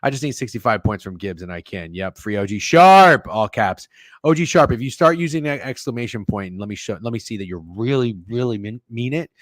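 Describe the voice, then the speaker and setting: Profane, rambling sports-betting stream host. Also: male voice, mid-range voice, expressive, a little fast, no room sound, studio quality. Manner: rambling, profane and joking, with sudden loud outbursts. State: sore throat, coughing. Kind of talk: casual livestream chat reading viewer messages. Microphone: close studio microphone.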